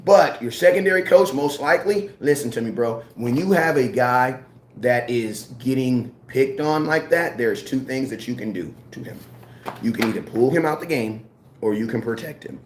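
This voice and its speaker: A man ranting casually about football, slangy and animated, repeating his points. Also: medium pitch, moderate pace, roomy sound, slight background noise. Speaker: sports commentator. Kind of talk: casual sports rant.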